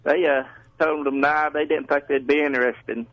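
Gravelly caller, folksy storyteller. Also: male voice, a little high, steady tone, a little fast, no echo. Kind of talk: phone call-in chat. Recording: muffled phone line.

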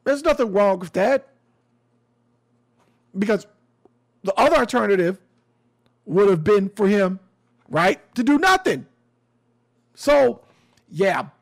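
A man's voice: high voice, big pitch swings, slow pace, pauses often. A man giving a casual commentary monologue, sarcastic and emphatic, often repeating his phrases.

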